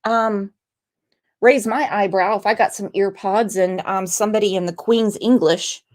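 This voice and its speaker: A woman's voice: mid-range voice, steady tone, normal speed, darkish tone. A woman with a Southern US accent hosting a casual livestream, teasing her guest and reading viewer comments aloud. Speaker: host.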